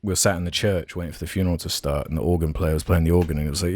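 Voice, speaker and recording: A man with a very deep voice rambles through a story on a casual podcast, full of "like" and "um". Soft music sits faintly underneath. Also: steady tone, very fast, few pauses, no echo. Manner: rambling storyteller, many fillers and restarts. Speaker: podcast co-host. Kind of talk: casual chat.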